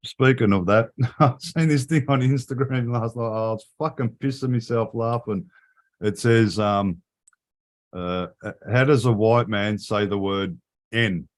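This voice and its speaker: A man's voice: medium pitch, a little slow. A middle-aged man, telling crude, profanity-laden stories in a casual live chat. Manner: crude, profane storytelling with frequent swearing.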